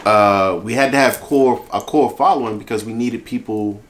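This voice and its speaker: A man with a fairly low voice talks through his story in a relaxed interview. He is earnest and thoughtful, restarting sentences as he finds the words. Faint room ambience sits under his voice. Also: moderate pace, slight background noise. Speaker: interview guest, event organizer. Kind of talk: casual interview talk.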